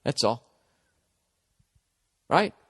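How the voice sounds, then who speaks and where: Speaking very slowly in a large hall, a man in his forties with a Boston accent delivers a rambling comic advice monologue, his tone fairly bright. He's a comedian hosting a podcast, and his advice comes out profane and blunt, mock-harsh at first before turning encouraging.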